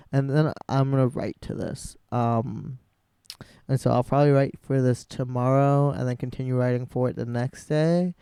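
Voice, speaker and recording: A man musician in casual vlog talk, soft-spoken and rambling as he thinks aloud about his songwriting. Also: mid-range voice, fairly even intonation, normal speed, creaky, clear, resonant tone, dry recording, studio quality.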